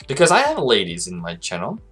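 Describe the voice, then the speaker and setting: A man's voice: fairly low pitch, wildly swooping pitch, fairly quick, a bit bright, husky, soft background music. A man hosting a casual live stream about trading, chatting loosely and reading viewer messages aloud. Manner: rambling and chatty, reads viewer chat aloud. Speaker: livestream host, forex trading analyst.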